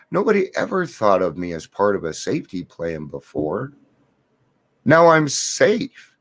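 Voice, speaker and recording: A man's voice: deep voice, big pitch swings, measured pace. A middle-aged man talking to camera in an earnest, confiding way, sharing a daily recovery reflection and stories. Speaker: recovery vlogger.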